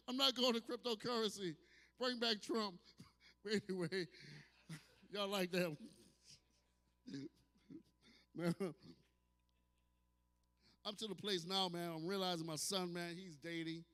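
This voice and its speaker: A man's voice: extremely high pitch, smooth. Brash, profane man in his fifties, club reverb. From New Orleans, USA. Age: 50s. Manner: loud, brash and profane, with sudden shouts and acted asides. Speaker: stand-up comedian. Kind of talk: stand-up comedy set. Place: distillery bar with live audience. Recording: hall reverb from a club room.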